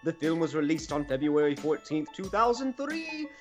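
A man's voice: fairly high pitch, sing-song, moderate pace, faint music behind. A man voicing a stats reader in a wandering mock Greek accent that drifts across Europe. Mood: hammy. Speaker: guest.

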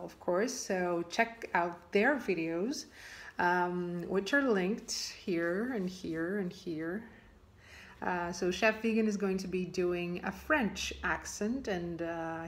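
A woman vlogger in casual chat, self-deprecating and chatty, often trailing off at the ends of her phrases. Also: lowish voice.

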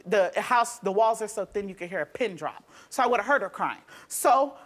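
Young woman telling her story fast. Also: medium pitch, animated, a bit bright. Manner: rapid, emotional storytelling with restarts. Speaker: talk show guest. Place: TV studio stage.

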